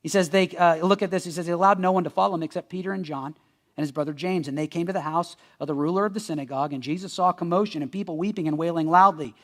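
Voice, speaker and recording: Guy pastor preaching in church, higher voice, chatty and jokey, gets loud then goes real quiet. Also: very fast. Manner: animated and conversational, swinging from loud bursts to hushed near-whispers; joking asides. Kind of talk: sermon.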